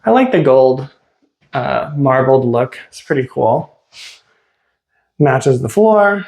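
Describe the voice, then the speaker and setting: A man's voice: mid-range voice, animated, slow, gravelly, a little mellow. A man working as a realtor, narrating a casual walk-through of a house with chatty, enthusiastic exclamations as he moves from room to room. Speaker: realtor giving a home tour. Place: inside a house, walking room to room.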